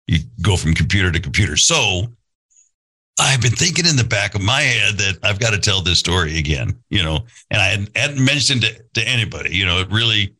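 Earnest man in his sixties, bright voice. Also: deep voice, low-quality recording. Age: 60s. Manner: earnest, thinking aloud, circling back to his point. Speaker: podcast host telling his own story. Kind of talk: reflective casual storytelling.

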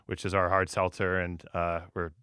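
A man talks casually about his work, relaxed and chatty, full of fillers. The sound is close and dry. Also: low voice, normal speed, clean tone, no room sound. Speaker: brewery co-founder. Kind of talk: casual podcast conversation.

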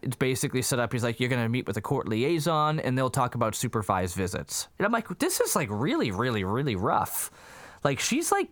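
A man's voice: fairly quick, dry recording. A man co-hosting a casual chat, recapping a film and acting out its quotes. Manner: animated storyteller, acts out quotes with jumpy pitch.

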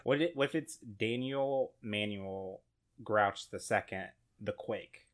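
A man with a fairly low voice co-hosts a comedy podcast. He talks in a laid-back way and keeps filling his lines with ums and likes. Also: slow pace, a bit bright. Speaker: podcast co-host. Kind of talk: comedic casual chat.

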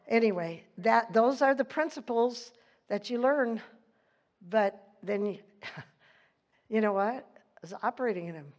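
A woman pastor preaches with fervent emphasis, her fairly high voice rising and falling between laughter. She slows down to read scripture deliberately. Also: a little mellow, muffled recording. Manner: reads scripture slowly and deliberately. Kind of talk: sermon.

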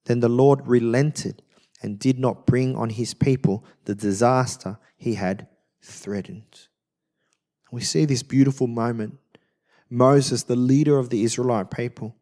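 A man preaching a sermon, reading scripture aloud and retelling it in an expressive, conversational way. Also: medium pitch, a little slow. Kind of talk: sermon, Bible teaching.

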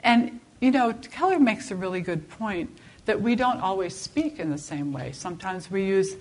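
A woman teaching a Bible class in a conversational, expressive way, often restarting her sentences. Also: medium pitch, normal speed. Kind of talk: informal Bible class lecture.

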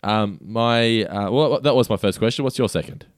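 A man's voice: mid-range voice, normal speed, smooth, dry recording, clean studio sound. A man co-hosting a podcast, chatting loosely over trivia with hesitant restarts and frequent laughs. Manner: laid-back, hesitant, laughs often. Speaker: podcast co-host. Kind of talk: casual chat, trivia quiz.

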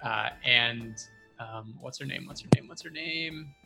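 A man running a tabletop game as game master, narrating in a relaxed, hesitant way with frequent ums. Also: mid-range voice, a little slow, vocal fry, over music.

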